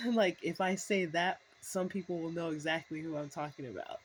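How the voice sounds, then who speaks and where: A woman's voice: lowish voice, normal speed, slight background noise, poor audio. A woman in her thirties telling a rambling story to camera, full of fillers and restarts. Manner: breaks into laughs. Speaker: vlogger. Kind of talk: casual storytelling monologue.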